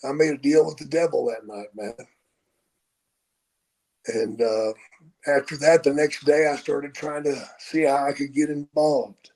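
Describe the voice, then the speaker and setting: A man's voice: a little high, steady tone, darkish tone, poor audio. Profane older man spinning a yarn. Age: 60s. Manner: profane, unhurried storyteller. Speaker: podcast host telling his own story. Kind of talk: casual storytelling.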